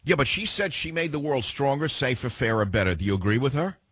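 A man hosting a call-in talk radio show, opinionated and combative, quick to cut callers off. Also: mid-range voice, sing-song, a bit bright, slightly rough, dry recording, studio quality. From San Francisco, USA.

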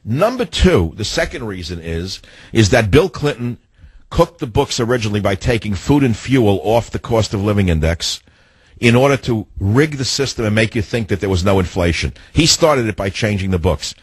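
Ranting husky-voiced radio host man. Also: lowish voice, animated, moderate pace, no room sound. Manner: indignant, ranting opinions. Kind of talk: call-in radio talk and monologue.

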